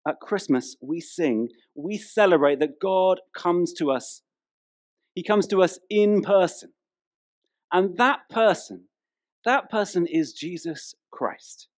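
A man's voice: high voice, lively intonation, slow. A man, preaching a humorous, chatty sermon in a church. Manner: humorous storytelling, chatty, playful with the congregation. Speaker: pastor.

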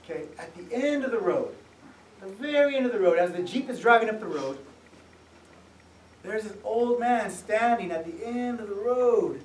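Animated man telling a story to an audience. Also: high voice, moderate pace, a little hiss or hum. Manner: animated, laughing storyteller who acts out the people in his story. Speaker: author giving a public talk. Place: museum event space. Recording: echoey room, mic from far off.

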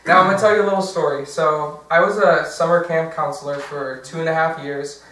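A man's voice: a little high, fairly even intonation, a little fast, pushed and bright. Chatty man in an echoey church. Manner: casual, chatty, with fillers and self-corrections. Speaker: diocesan workshop presenter. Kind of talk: conversational workshop talk. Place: large church hall. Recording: very echoey, from far off.

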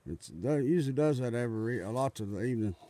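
A man's voice: mid-range voice, animated, fast talker, mellow, no echo. A man talking casually and earnestly to his viewers, rambling, repeating himself and urging them to get right with God. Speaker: religious video maker. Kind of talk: casual religious video talk. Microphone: tablet mic.

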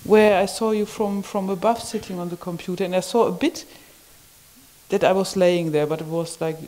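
A woman recalling a personal experience in conversation, halting and marvelling, often ending phrases with a questioning "yeah?". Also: on the low side, steady tone, mellow, low-quality recording. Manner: wondering, marvelling delivery. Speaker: community member sharing an experience.

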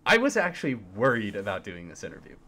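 A man's voice: fairly low pitch, wildly swooping pitch, quick pace, bright, forceful tone. A man interviewing casually, rambling with many fillers and restarts. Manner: rambling, lots of likes and restarts, laughs easily.

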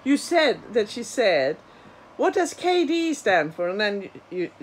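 A woman's voice: mid-range voice, big pitch swings, slow, slight background noise. Giggly woman prompting a story.

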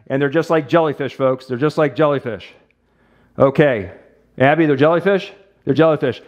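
A man's voice: on the high side, normal speed, highs cut off. A man coaching an exercise demonstration as a fitness instructor, playful and jokey as he talks the model through each move.

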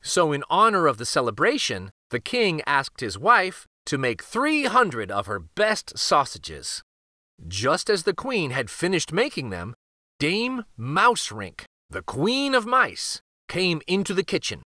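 A man hosting a children's read-aloud channel, reading a picture book in an expressive, lively storytelling way. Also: on the high side, a little slow, no room sound, studio quality.

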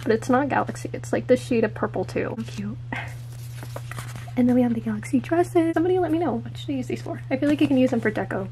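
A high-voiced young woman talks through a sticker unboxing in a casual, gushing way. She is excitable and drifts into soft whispers now and then. Faint noise sits behind her voice. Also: fast talker, rough recording. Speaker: planner vlogger.

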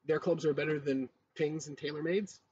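A man's voice: on the high side, fairly even intonation, moderate pace, darkish tone, a little hiss or hum. A man co-hosting a podcast, chatting casually and bluntly on an outdoor deck, swearing freely. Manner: blunt, profane. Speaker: podcast co-host. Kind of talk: casual chat. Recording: dull lo-fi with faint ambience.

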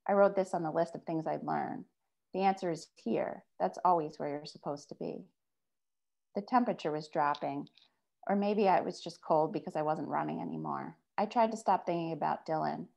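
A woman author reads her own fiction aloud, steady and measured. Her voice sits on the low side, with a gravelly fry at the ends of phrases. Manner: measured first-person reading.

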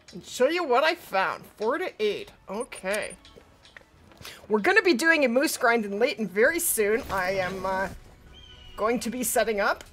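A woman's voice: medium pitch, a bit bright. A woman hosting a casual gaming livestream, chatting with viewers by name while she has the hiccups. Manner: chatty, greets viewers by name, laughs often.

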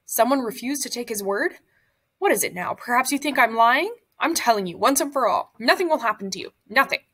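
A woman's voice: a little high, expressive, fairly quick, bright, forceful tone, husky, full character voice. A woman reading a memoir aloud, voicing a stern male camp block elder with a curt, commanding manner.

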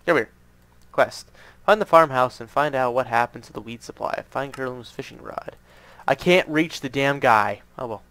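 A man's voice: medium pitch, normal speed, fairly bright tone, no room sound. Chatty man narrating his gameplay. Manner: chatty, joking, reads signs aloud. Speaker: gaming channel host. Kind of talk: casual game commentary.

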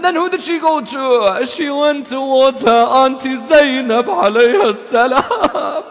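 Very high-pitched, slow lamenting male preacher. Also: animated. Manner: slow, impassioned, lamenting delivery. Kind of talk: mourning sermon recitation. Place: large hall at a religious gathering. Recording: long hall reverb, faint music behind.

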